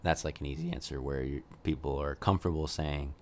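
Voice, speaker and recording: A man's voice: extremely low pitch, fairly even intonation, a little fast, a little hiss or hum. A man co-hosting a casual chat about a movie, rambling with lots of fillers and frequent laughs. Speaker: podcast co-host.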